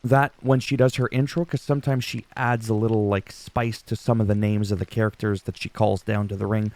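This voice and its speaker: A man's voice: lowish voice, steady tone, a little fast, darkish tone, no room sound. A man in his forties giving casual solo wrestling news commentary, joking and self-mocking with rambling asides.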